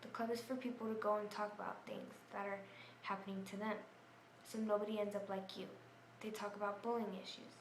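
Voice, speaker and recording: A woman's voice: mid-range voice, level tone, fairly quick. A woman telling a story in a somber, earnest voice, correcting herself now and then. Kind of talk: earnest home-video narration. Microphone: camera mic. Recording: echoey room, faint hum.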